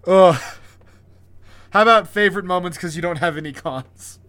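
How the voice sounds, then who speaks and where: A man co-hosting a podcast in casual chat, ranting with animated, profane energy. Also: high-pitched, normal speed. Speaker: podcast co-host.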